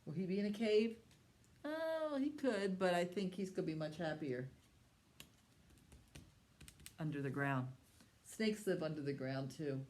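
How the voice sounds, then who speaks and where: A woman with a low, deep voice leads a children's storytime at the library. She coaxes the little ones with questions and invites them to join in. She keeps slipping into a soft, hushed whisper. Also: normal speed. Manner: animated, coaxing voice for young children, often dropping to a hushed whisper.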